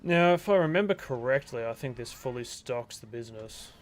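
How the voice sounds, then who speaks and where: A man's voice: medium pitch, animated, brisk. A young Australian man with an Australian accent, rambling casually as he comments on his own gameplay on a stream. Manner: rambling, chatty, laid-back, self-talk while playing.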